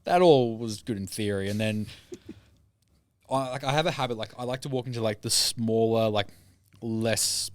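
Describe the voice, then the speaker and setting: A man, a strength coach talking as a podcast guest in a rapid, chatty way with many fillers. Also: fairly low pitch, no room sound. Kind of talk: casual chat.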